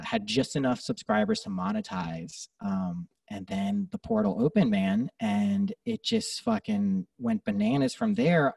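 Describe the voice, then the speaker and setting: Gravelly, lively man telling stories. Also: high voice, no room sound, recorded from a distance. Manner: animated, swears freely, acts out his own thoughts. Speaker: podcast guest. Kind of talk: casual interview storytelling.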